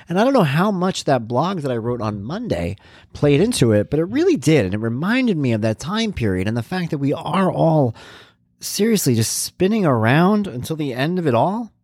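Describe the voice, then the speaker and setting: A man's voice: on the high side, a little mellow, no room sound, clean studio sound. A man in his forties hosting a podcast, talking candidly and rambling through a personal monologue, now and then acting out voices. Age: 40s. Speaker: podcast host.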